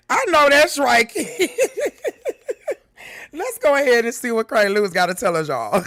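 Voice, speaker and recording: A woman's voice: on the high side, very animated, slow, long pauses, fairly bright tone, no echo, clean studio sound. A middle-aged woman hosting a live reaction stream, chatting casually with viewers and reading the chat aloud, laughing often. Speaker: livestream reaction host.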